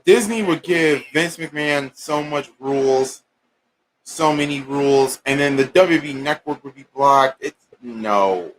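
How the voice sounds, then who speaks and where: A man hosting a casual livestream, chatting and ranting in an animated, exasperated way. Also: medium pitch, a little slow. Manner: animated, exasperated rants with bursts of singing. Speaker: livestream host.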